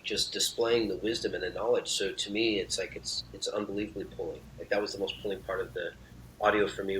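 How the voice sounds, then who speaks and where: An earnest man with a lowish voice talks in an effusive, reflective way during a relaxed podcast chat. A faint rumble hums beneath his voice. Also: rough recording. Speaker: podcast guest, uncle of host. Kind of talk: casual conversation.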